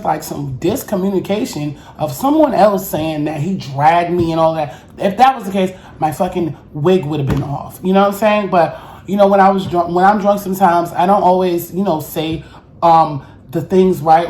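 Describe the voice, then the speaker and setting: A woman's voice: fairly low pitch, a little mellow. Heated, blunt woman telling a story. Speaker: vlogger. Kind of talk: story time vlog. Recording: roomy echo, faint noise.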